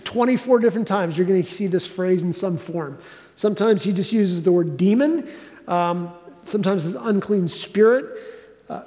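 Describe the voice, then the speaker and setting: A male pastor preaching a sermon in a conversational, animated way, asking the room questions. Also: high voice. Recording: reverberant hall.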